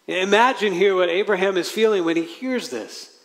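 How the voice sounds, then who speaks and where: Male pastor, slightly higher voice, earnest sermon delivery, reverberant sanctuary. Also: lively intonation, moderate pace. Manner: earnest, acts out quoted prayers with rising intensity. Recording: long hall reverb.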